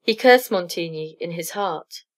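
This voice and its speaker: A woman's voice: lowish voice, unhurried. Woman reading a story steadily. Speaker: story narrator. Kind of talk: read-aloud story narration for English learners.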